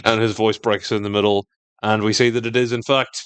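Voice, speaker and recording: A man's voice: lowish voice, flat delivery, a little fast, fairly bright tone, clear, resonant tone, no echo. A man co-hosting a podcast, recapping a TV episode in casual chat and acting out quotes in silly voices.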